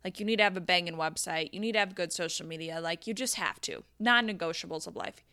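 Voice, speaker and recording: A young woman telling a storytime rant to camera, exasperated and animated, with frequent swearing. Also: on the low side, fast talker, smooth, no room sound, studio quality.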